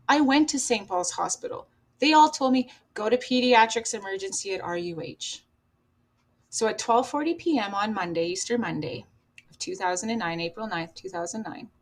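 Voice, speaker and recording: A woman from Canada tells her own story as a guest on a talk podcast. Her telling is raw and emotional, halting and restarting as she goes. Her voice sits at a middling pitch. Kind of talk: personal storytelling.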